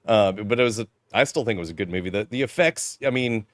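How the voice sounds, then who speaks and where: A man's voice: lowish voice, fast, dry recording, studio quality. A man in a casual film discussion, rambling in an easygoing way. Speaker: podcast panelist.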